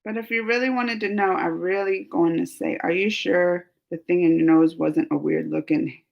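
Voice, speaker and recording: Her voice is fairly low with vocal fry, its intonation fairly even and its pace moderate, and the recording sounds lo-fi. This married adult woman with a family runs a reaction channel, reading live chat and chatting casually with viewers, teary and emotional yet laughing between worries.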